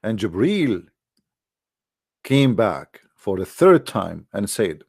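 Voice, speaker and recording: Sarcastic male debater, gravelly mid voice, dry close sound. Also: on the low side, sing-song, takes it slowly, long pauses, dry recording. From Middle East. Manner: sarcastic, mocking, emotional. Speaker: religious debater. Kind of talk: polemical storytelling talk.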